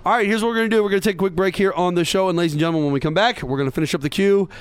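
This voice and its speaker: A sarcastic man holds forth in a solo political podcast rant, voice sitting a touch high for a man. He slips into mocking asides and talks straight to his listeners. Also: racing, clear, resonant tone. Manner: sarcastic, mocking impressions of others. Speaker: podcast host. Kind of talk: opinionated political monologue.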